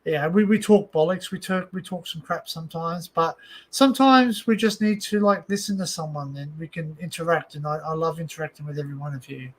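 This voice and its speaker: A man's voice: a little high, fairly quick. A man with an Australian accent hosting a casual home livestream, rambling with lots of fillers and restarts. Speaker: livestream host. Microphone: desk microphone.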